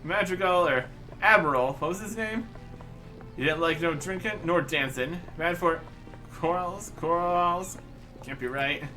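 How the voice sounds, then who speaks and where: A man voicing a rowdy, boozy middle-aged sailor who rambles cheekily in rough old-salt dialect. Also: a little high, measured pace, pushed and bright, faint music behind, rough recording. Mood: boisterous.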